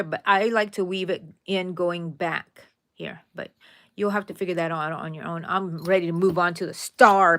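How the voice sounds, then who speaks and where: A woman's voice: medium pitch, dry recording, clean studio sound. A woman hosting a casual crochet tutorial, chatting to viewers and counting her stitches aloud.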